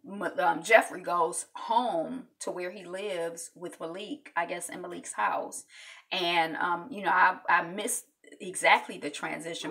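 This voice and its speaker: A woman's voice: lowish voice, vocal fry, a bit bright, recorded from a distance. A woman chatting casually as she recaps a reality show episode for her channel, full of fillers and acted-out quotes.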